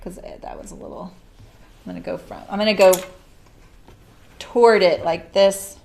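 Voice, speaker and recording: A woman's voice: medium pitch, steady tone, moderate pace, creaky, darkish tone, a little hiss or hum. A middle-aged woman hosting a live sewing stream, chatting casually and laughing often as she works. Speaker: sewing livestream host.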